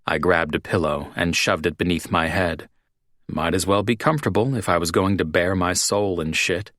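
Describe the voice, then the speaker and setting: Male audiobook narrator, first-person romance; low, unhurried, dry close read. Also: fairly bright tone, no room sound.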